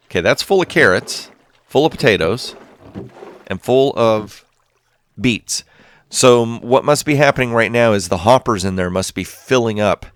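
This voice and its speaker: Male gaming host, lowish voice, dry close mic, chatty and rambling. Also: dry recording. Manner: rambling, self-talking, thinks aloud. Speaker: Minecraft let's play host. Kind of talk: casual gameplay commentary.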